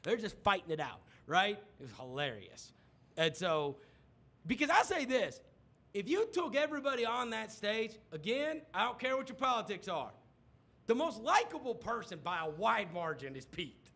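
A man's voice: high-pitched, moderate pace, creaky, slightly rough. A man hosting a sports radio show, telling a story in casual studio chat and mimicking people as he goes. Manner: animated storyteller, mimics others loudly.

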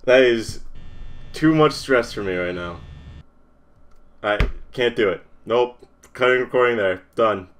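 A man's voice: medium pitch, a little slow, pauses often. A nervous young man commentating a horror game, stammering, swearing and shaking with fear. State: shaking with nerves. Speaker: gamer.

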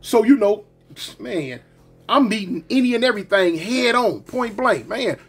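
Male storyteller, casual and slangy, husky voice pitched high, animated delivery. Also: measured pace, soft background music. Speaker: storyteller recounting his past.

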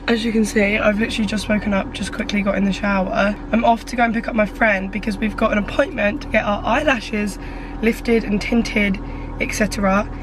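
A woman's voice: fairly high pitch, noisy background. A young woman, vlogging in a chatty, rambling and nervous way to her phone camera. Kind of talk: casual chat to camera.

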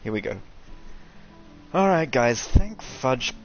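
A young man doing casual, sweary commentary over a video game, ranting and excitable. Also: mid-range voice, slow pace, creaky, dull audio, soft background music. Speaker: gaming streamer.

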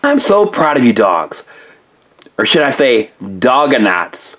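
A man's voice: mid-range voice, sing-song, a little slow, a bit bright, voice pushed down. A man voicing a proud, cheerful young male leader of a pup team in a toy story.

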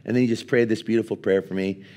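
A pastor in his forties gives a sermon in a lowish male voice. He tells his story in an animated way, laughing often and leaning on casual fillers. When he turns to teaching, he grows quieter and slower.

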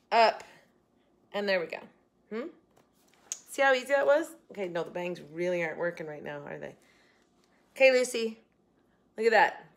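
A woman vlogging in a casual, chatty and rambling way, excitable as she talks to her viewers. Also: mid-range voice. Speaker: food and bargain vlogger. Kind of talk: casual vlog chat.

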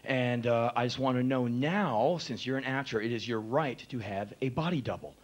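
A man performing spoken word storytelling on a live stage, animated and profane, acting out the quotes of the people in his story. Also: medium pitch, moderate pace. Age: 30s. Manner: animated, profane, acts out quotes in shifting voices.

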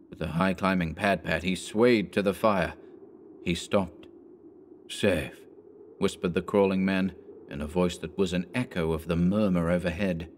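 A man with a very deep voice reading a horror story aloud. his delivery is measured and dramatic, with a faint hiss under the recording. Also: a little mellow. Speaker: narrator. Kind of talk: audiobook horror narration.

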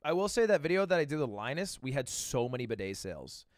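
An animated man chatting on a live stream with crude jokes and frequent laughs. His pitch swings widely, landing mid-range on average. The sound is close and dry, with no room echo. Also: quick pace. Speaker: streamer reacting to a video. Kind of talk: casual live-stream chat.

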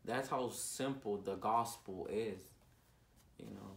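A man preaching an informal sermon, earnest and repetitive, with his voice rising loud on key words. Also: lowish voice, slow pace, gravelly, echoey room.

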